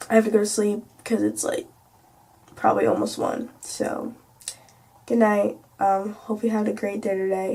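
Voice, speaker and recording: A woman's voice: medium pitch, dark tone. A teenage girl vlogging at home, telling a rambling late-night story full of fillers and swearing. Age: teens. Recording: distant mic, faint background hiss.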